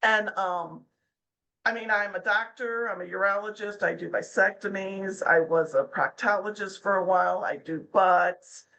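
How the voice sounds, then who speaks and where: Middle-aged woman, podcast guest, chatty storyteller, mid-pitched voice, acts out quoted voices. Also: steady tone, moderate pace, pushed and bright, slight background noise, low-quality recording. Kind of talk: casual interview chat.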